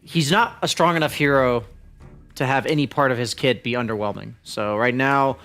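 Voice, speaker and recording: A man working as draft analyst at an esports desk, explaining his points in a measured way. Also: mid-range voice, fairly bright tone, soft background music.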